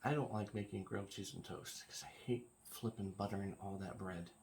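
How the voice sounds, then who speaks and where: A man's voice: fairly low pitch, normal speed, vocal fry, a little mellow, slight background noise. A man co-hosting a casual at-home vlog, reading out questions and answering with dry jokes. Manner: dry, joking, laid-back. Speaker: co-host. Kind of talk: casual chat.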